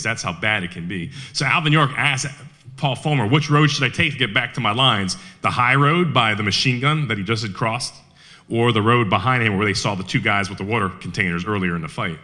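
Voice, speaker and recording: A man giving a lively storytelling talk about a battle, acting out quick quoted lines of the people in it. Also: lowish voice. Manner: animated storyteller, quick quoted asides in character. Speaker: historian speaker. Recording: radio broadcast of a live talk.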